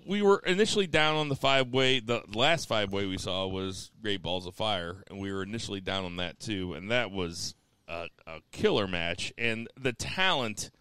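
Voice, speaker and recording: A man's voice: on the low side, clean tone, dry recording. A man hosting a casual podcast chat, leading the segments and recapping matches. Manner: runs the segments, steady recap with fillers. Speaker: podcast host.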